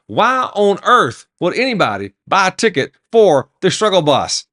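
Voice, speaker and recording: An overexcited, boastful traveler talks in a raised, eager voice, as a preacher puts him on. He sounds incredulous and full of himself, pitched well above a plain speaking voice. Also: very animated, moderate pace, sharp tone, heavily acted. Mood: excited, incredulous. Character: excited, boastful man passenger bound for the mountaintop.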